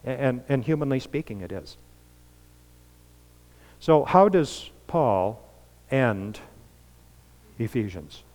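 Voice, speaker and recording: A man preaching a sermon as pastor, earnest, building to emphatic peaks and dropping to soft, quiet lines. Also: medium pitch, measured pace. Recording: long reverb of a large hall.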